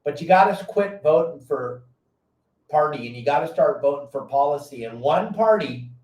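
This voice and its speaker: A brash, high-energy man, voice pitched a touch high. He talks loud and blunt, telling fishing show stories with a lot of punch. The mic sits at a distance in an echoey room. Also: expressive, normal speed, muffled recording. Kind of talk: casual podcast chat.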